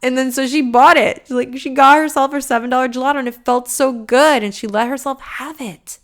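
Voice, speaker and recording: A woman hosting a podcast, delivering a casual, animated motivational rant with frequent swearing, jumping between loud bursts and hushed asides. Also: high voice, fairly quick. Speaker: podcast host.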